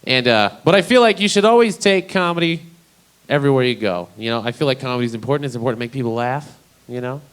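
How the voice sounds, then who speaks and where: A young man from Idaho doing a live stand-up comedy set, telling stories in a casual, profane, deadpan way. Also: medium pitch, quick pace, clean tone. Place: small comedy venue, live.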